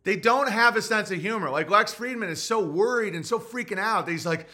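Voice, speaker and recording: A man hosting his own show in a loose, rambling comic rant, profane and provocative throughout. His voice sits high for a man and sounds bright and forceful. He doubles back mid-sentence and piles on jokes. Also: brisk. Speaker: podcast host.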